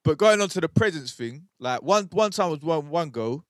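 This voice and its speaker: A man's voice: on the high side, expressive, moderate pace, fairly bright tone. A man, telling sweary stories in casual podcast chat and acting out the people he quotes. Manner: sweary storytelling, acts out quoted voices. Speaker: podcast co-host.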